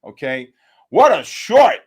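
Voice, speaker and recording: A man hosting a live futures trading stream, giving excited, exclamatory market commentary and calling out viewers by name. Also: high-pitched, slow, slightly rough. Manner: animated, exclamatory, talks to chat by name. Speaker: livestream trading host.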